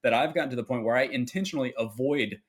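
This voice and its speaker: A man co-hosting a political talk show, speaking in a measured, polite way. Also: medium pitch, slightly rough. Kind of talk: casual political debate.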